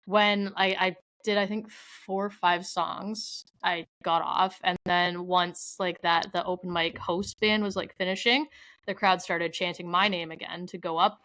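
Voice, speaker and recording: A woman's voice: lowish voice, fairly even intonation, a little slow, a bit bright, no room sound, low-quality recording. A young adult woman from Canada, a podcast guest telling stories in casual, rambling chat, full of "like" and quoted asides. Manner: chatty storyteller, heavy use of "like".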